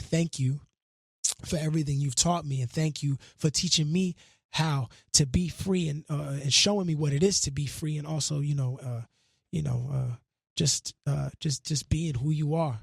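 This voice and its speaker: A man's voice: fairly high pitch, steady tone, normal speed, creaky, slightly rough, no room sound. A man, a guest musician in a radio studio, talking in an earnest, reflective and slangy way and half-reciting lyrics. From Brooklyn, New York. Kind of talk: casual interview chat.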